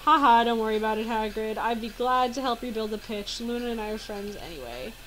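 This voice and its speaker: Woman reading an earnest young male wizard, polite, plain reading, slightly high voice. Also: fairly quick, fairly bright tone, slight background noise, close to an everyday voice, poor audio. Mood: cheerful. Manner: reads dialogue aloud plainly.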